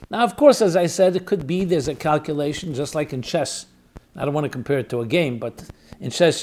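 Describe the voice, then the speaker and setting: A rabbi hosting a podcast, speaking in a fairly high male voice. He lectures emphatically, repeats key words to drive a point home and weighs arguments aloud with rhetorical questions. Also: darkish tone. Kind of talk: spoken lecture answering questions.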